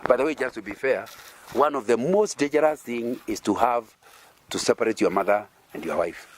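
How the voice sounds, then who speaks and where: A man's voice: medium pitch, normal speed, slight background noise. A man with a Kenyan accent, from Kenya, preaching an interactive sermon. He keeps checking in with his listeners through rhetorical questions and chuckles.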